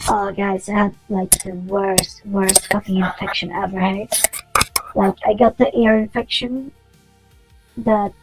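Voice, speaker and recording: A woman's voice: medium pitch, flat delivery, measured pace, over loud music, rough recording. A woman chatting casually while coding on stream, rambling through stories and swearing freely.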